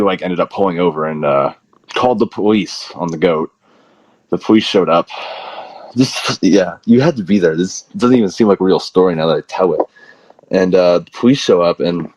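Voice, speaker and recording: A man, a wrestler guest, telling long rambling stories full of "like" in a casual interview. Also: low voice. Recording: slightly muffled dry audio.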